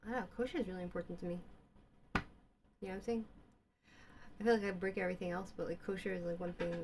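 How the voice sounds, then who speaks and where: A woman's voice: on the low side, steady tone, fast talker, creaky, noisy background. A woman in a rambling, casual monologue who repeats herself, keeps asking her listeners questions, and sprinkles in Yiddish and Hebrew words.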